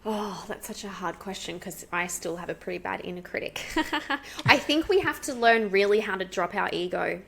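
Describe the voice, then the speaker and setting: An Australian woman, an English pronunciation coach, explaining her teaching earnestly and practically in an interview, slowing down to demonstrate word stress. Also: mid-range voice, vocal fry, a bit bright, a little hiss or hum. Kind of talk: explanatory casual interview talk.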